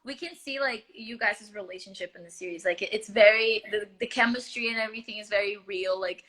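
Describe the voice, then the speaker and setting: A woman's voice: medium pitch, a little fast, a bit bright. A young Brazilian woman whose first language is Portuguese, hosting a casual livestream chat in English over a video call, bubbly and giggly. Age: young adult. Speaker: livestream host.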